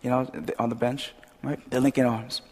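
In a reverberant church hall, a young man with a mid-range, slightly breathy voice preaches an informal sermon at a moderate pace. His style is conversational and story-driven, full of side remarks to his congregation, and he livens up whenever he recounts something.

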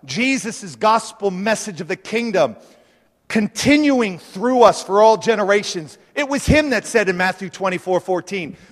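A man delivering a sermon in a high, ringing voice, pressing each point with repeated phrases. His words carry a long reverb, as if spoken in a large hall. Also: lively intonation, moderate pace. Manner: emphatic, insistent preaching with repeated phrases. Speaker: preacher.

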